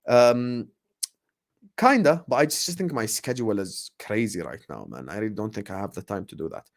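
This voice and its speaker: A man in his late twenties, a football channel host, doing a casual live Q&A with viewers. He talks in an animated way and often repeats his phrases. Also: lowish voice, moderate pace. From grew up partly in the UAE. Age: 20s.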